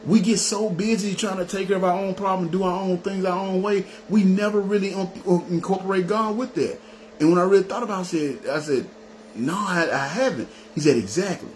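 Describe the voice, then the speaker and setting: A man's voice: high-pitched, brisk, darkish tone, slight background noise, rough recording. A man telling his personal testimony in an emphatic storytelling way, often repeating "you know what I'm saying.". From Memphis. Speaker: guest giving a testimony.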